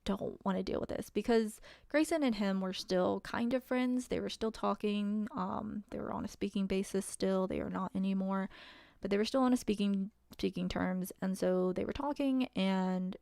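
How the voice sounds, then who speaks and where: A woman's voice: medium pitch, fairly even intonation, normal speed, vocal fry, a little mellow, no room sound, studio quality. A woman telling a personal story in a casual, wry way, full of fillers. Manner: chatty, wry, many fillers and laughs.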